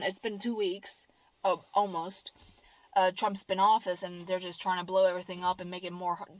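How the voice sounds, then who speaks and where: A woman's voice: mid-range voice, no echo. Woman, vlogger, rambling upbeat talk, fillers and restarts, dry close sound. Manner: upbeat and earnest. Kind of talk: casual chat.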